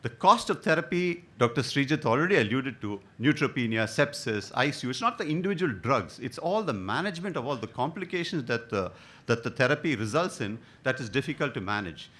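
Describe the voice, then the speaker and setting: A man's voice: mid-range voice, very animated, a little fast, sharp tone. A middle-aged man from India giving a conference lecture as a hematologist, with hesitant fillers and rhetorical questions.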